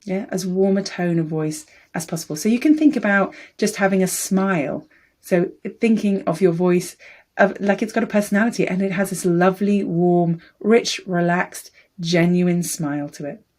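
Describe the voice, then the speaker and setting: A woman coaching public speaking, explaining calmly and steadily and demonstrating voice techniques. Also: fairly low pitch. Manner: calm, measured coaching with demonstrations. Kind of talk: speaking tips lesson to camera.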